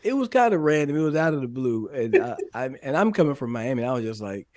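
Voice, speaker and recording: A man, a former pro football receiver, tells stories on a podcast with lots of laughter and sudden jumps in pitch. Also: quick pace, no echo, clean studio sound. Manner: animated storyteller, laughs often, sudden rises in pitch. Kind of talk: casual podcast chat and storytelling.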